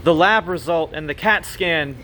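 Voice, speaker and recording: A man voicing a calm veterinarian who delivers bad news solemnly and matter-of-factly. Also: a little high, moderate pace, slight background noise, poor audio. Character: calm, solemn male vet.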